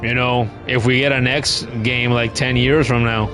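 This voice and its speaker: Male streamer, mid-pitched and casual, wry with chat, trips over his first words, faint music behind. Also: little pitch movement, normal speed. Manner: playful, wry, talks to chat; repeats words when starting a thought. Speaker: game streamer. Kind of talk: casual live-stream gaming commentary.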